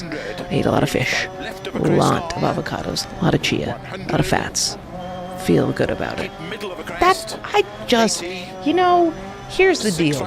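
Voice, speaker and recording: A man's voice: on the high side, creaky. A man delivering a candid, profane comedic monologue about his own struggles. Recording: music playing behind.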